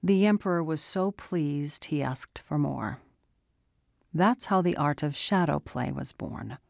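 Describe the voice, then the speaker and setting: A woman narrating an audiobook in a calm, measured storytelling manner. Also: deep voice, vocal fry, no echo. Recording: dry close studio sound.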